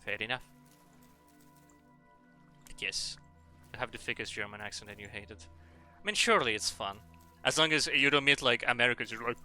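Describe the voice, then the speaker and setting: Playful streamer with a mixed Russian-English accent. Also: male voice, medium pitch, a little fast, long pauses, soft background music. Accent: mixed Russian, French and English. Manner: playful, rambling, bursts of excitement. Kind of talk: casual gameplay commentary.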